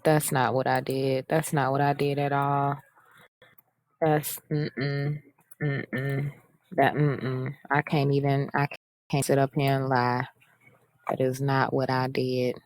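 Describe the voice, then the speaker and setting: A woman's voice: rumbling low, a little mellow. A woman hosting a casual coding walkthrough, chatty and self-mocking as she reads the instructions aloud. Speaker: coding tutorial host. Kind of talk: casual screen-share walkthrough.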